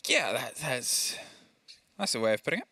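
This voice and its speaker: Bright-voiced young male esports analyst. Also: medium pitch, sing-song, normal speed, husky, no room sound. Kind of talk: esports color commentary.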